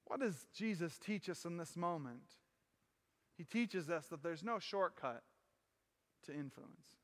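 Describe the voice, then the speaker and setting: A man preaching a sermon in a church, earnest and emphatic, dropping low on key phrases. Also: expressive, measured pace. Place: church sanctuary. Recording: long reverb of a large hall.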